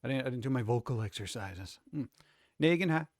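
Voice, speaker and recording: A man's voice: mid-range voice, animated, brisk, no room sound, clean studio sound. A man streaming live, rambling casually and greeting chat viewers one by one.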